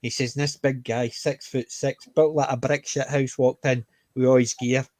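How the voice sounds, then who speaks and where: A middle-aged man telling family stories in casual conversation, animated and lively. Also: mid-range voice, moderate pace, no echo. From Scotland. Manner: animated anecdote teller, lively.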